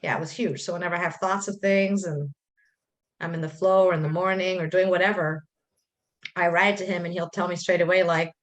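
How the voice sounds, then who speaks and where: On a video call, a middle-aged woman with a lowish voice talks fairly quickly, emotionally, and at length about her coaching journey. She's a talkative, animated coaching student who often acts out what she and others said.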